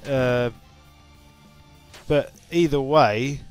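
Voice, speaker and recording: A young YouTuber from England chats casually to his viewers in an English accent, rambling with plenty of fillers and restarts. He's just woken up, tired and hiccuping, and speaks very slowly in a clean, medium-pitched voice with fairly even intonation, with faint music behind him.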